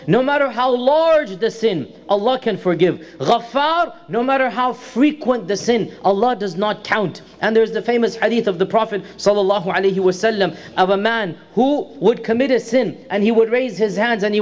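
A man's voice: high-pitched, animated, moderate pace, darkish tone. A middle-aged man teaching a religious lecture, explaining terms carefully and repeating key words for emphasis. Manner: pronounces Arabic terms carefully. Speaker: Islamic lecturer.

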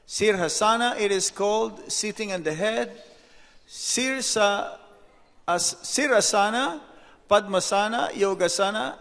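Slow high-voiced monk in echoey hall. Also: male voice, creaky, a bit bright. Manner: unhurried, with rhetorical "hmm?" asides; storytelling, reads out anecdotes. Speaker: monk giving a lecture. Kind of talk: devotional lecture. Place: temple hall.

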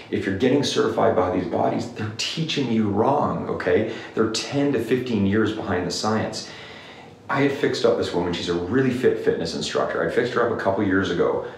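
A male clinician talks straight to camera in an emphatic, repetitive rant about exercise. His low voice has a gravelly edge. He sits back from the mic in a very echoey room with faint background noise. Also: distant mic. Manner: emphatic, repeats "okay?" often. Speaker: clinician giving exercise advice. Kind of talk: direct-to-camera rant video.

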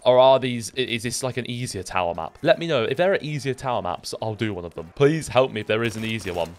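A young man commentating his own gameplay, excitable, swearing and talking to himself. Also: mid-range voice. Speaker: gaming YouTuber.

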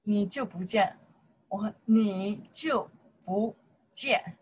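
A woman's voice: mid-range voice, extremely slow, darkish tone, slight background noise, poor audio. A woman with a Chinese accent, a native Chinese speaker teaching a language lesson in simple English, explaining grammar and repeating phrases.

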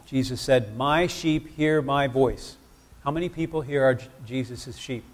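A man's voice: medium pitch, measured pace. A man preaching a sermon in church, talking conversationally and asking the congregation questions.

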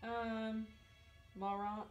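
A woman voicing an unsure, slow young learner. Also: fairly high pitch, little pitch movement, reverberant, muffled recording, soft background music, pitched below the performer's own voice. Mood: hesitant. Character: hesitant young female Spanish learner.

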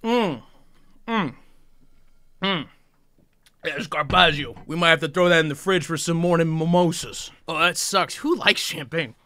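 A young adult man live streaming, talking loudly and excitedly with lots of swearing and frequent shouts. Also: fairly high pitch, unhurried, pauses often, dry recording. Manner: loud, profane and jubilant, often shouting.

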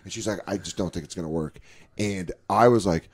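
A man on a podcast, telling stories in a casual, animated way, acting out both sides of conversations and swearing often. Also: low voice, a little fast, slightly rough. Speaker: podcast guest comedian. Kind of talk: casual storytelling chat.

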